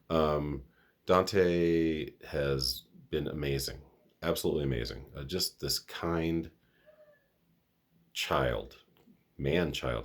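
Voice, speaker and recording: A man's voice: a bass voice, a little mellow, husky. A middle-aged man hosting his own vlog, talking earnestly and rambling with restarts, a little sniffly. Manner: earnest, rambling, self-correcting. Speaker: vlog host. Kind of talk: casual monologue to camera.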